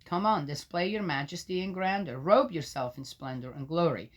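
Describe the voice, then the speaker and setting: Lower-voiced woman reading scripture, arguing back. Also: normal speed. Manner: interrupts herself with doubting, argumentative remarks; loud when reading, drops to mutters for asides. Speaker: scripture reader and commentator. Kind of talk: reading aloud with skeptical asides.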